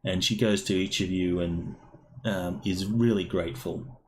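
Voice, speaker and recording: A man narrating a tabletop role-playing game as game master, halting with many pauses and fillers. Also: low-pitched, steady tone, a little mellow, slight background noise, low-quality recording.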